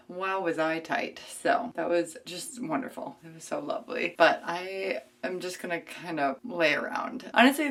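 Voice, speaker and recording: A woman's voice: lowish voice, a bit bright. A young woman talking casually in a reading vlog, gushing and laughing often as she chats about a book. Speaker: book vlogger.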